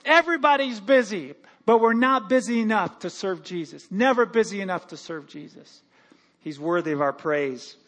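A man preaching to his congregation as pastor, telling joking stories in an animated way. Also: sits high, moderate pace, some chatter behind. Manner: animated, joking, lively storytelling with acted-out quotes. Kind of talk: sermon. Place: church sanctuary.

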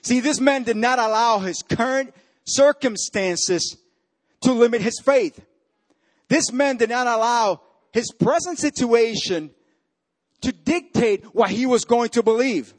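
A man preaching a sermon as pastor, swinging from loud, rising peaks to hushed, quiet lines. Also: extremely high pitch, a little slow.

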